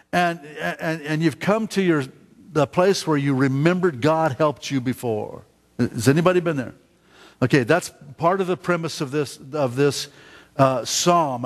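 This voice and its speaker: A man preaching a sermon to his congregation, halting often with fillers and restarts and asking the listeners questions. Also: a little high. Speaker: pastor. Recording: long hall reverb.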